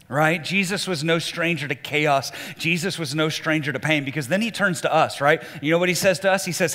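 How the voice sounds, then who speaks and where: Bright-voiced pastor preaching in a reverberant hall. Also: male voice, on the high side, animated, fairly quick, hardly any pauses. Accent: American Southern. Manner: conversational, rising to emphatic preaching. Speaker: lead pastor. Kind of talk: sermon.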